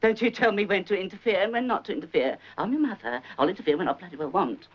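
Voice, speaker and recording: Playing a gossipy, fussing elderly mother who poses as a psychic in a 1970s comedy, the performer rambles theatrically as this nagging, overbearing character. The medium-pitched voice is expressive, quick and lightly acted. Sound quality is that of a dull old film soundtrack with faint hiss.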